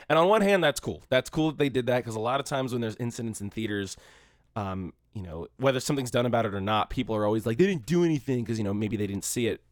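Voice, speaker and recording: A man's voice: mid-range voice, dry recording, studio quality. A man co-hosting a podcast in casual chat, rambling and swearing freely. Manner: rambling, swears freely, acts out shouting crowds. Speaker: podcast co-host.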